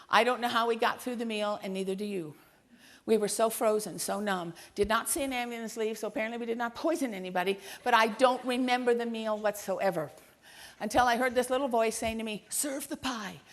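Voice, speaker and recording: On a large conference hall stage, a woman delivers a closing speech, recounting a family story with wry humor and acting out the dialogue before shifting to a hushed, earnest tone. Her voice is a little high and brisk.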